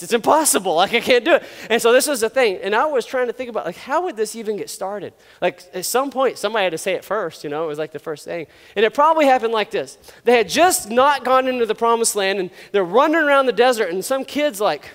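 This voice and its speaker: A man preaching a sermon as a pastor, animated and joking, acting out quotes as he goes. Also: high-pitched, fast talker, clear, resonant tone, long reverb tail.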